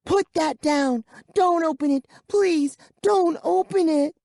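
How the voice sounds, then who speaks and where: A man voicing a thirsty, teasing vampire girl in an audiobook, with a slow, breathy hiss. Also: high-pitched, mellow, no echo, studio quality, voice pushed up, exaggerated voice. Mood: panicked pleading. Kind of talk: audiobook character voice.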